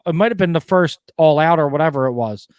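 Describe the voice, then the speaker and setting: A man hosting a podcast, telling stories casually with laughs, swearing and quick impressions. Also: fairly high pitch, darkish tone, no room sound. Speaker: podcast host.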